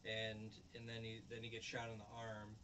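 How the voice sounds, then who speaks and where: Low-voiced man rambling through a recap. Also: completely flat delivery, moderate pace, background noise. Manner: loose and profane, acts out characters' lines. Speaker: show reviewer and host.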